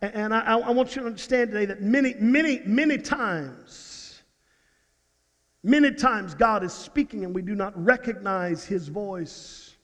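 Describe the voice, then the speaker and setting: A male pastor preaching a sermon, with dramatic swings down to near-whispers and stammering restarts. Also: high voice. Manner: dramatic dynamics, dropping to hushed near-whispers. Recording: reverberant hall.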